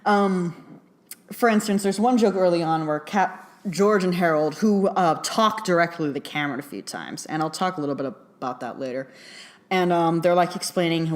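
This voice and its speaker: A young adult woman reviews a film casually, rambling along with lots of fillers and small giggles. Her voice is lowish and her pace moderate.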